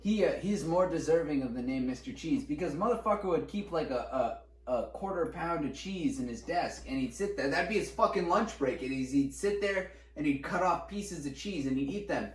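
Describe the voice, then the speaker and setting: A man's voice: a little high, normal speed. Young man telling stories in an echoey room. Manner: animated, swearing, laughing while recounting. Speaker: podcast co-host. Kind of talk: casual storytelling chat. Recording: echoey room, mic at a distance, faint noise.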